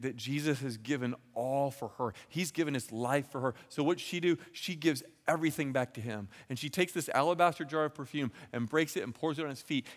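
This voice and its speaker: A man preaching a sermon in a chatty way, often repeating words and acting out the voices of people he quotes. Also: mid-range voice. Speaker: pastor. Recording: long hall reverb.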